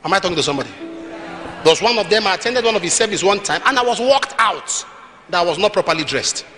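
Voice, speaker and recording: A man with a Nigerian accent preaching a sermon, telling stories animatedly with bursts of shouting. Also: sits high, expressive, fast, soft background music. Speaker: apostle, preacher.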